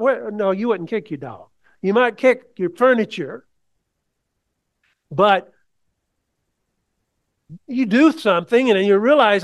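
Man, high-pitched, preaching, conversational, asks listeners questions. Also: animated, slow, long pauses. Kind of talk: sermon.

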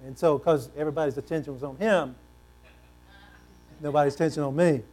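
A male pastor preaching a sermon, animated and asking the congregation questions, swinging between loud and hushed delivery. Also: fairly high pitch, fairly quick, long pauses. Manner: repeats words for emphasis, asks the congregation questions.

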